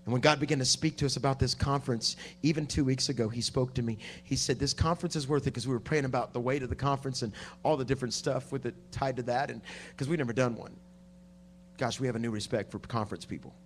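A man preaching a sermon at a conference, dropping to a hush and then rising to shouting. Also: medium pitch, quick pace, a little hiss or hum. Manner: swings from hushed to shouting preaching. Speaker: pastor. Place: conference hall.

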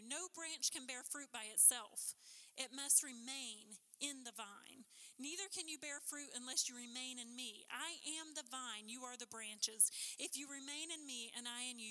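A woman preaching a sermon in a high, very bright voice. She swings from impassioned, pressing questions to hushed, intense emphasis. Her words ring out with a long reverb through a chapel.

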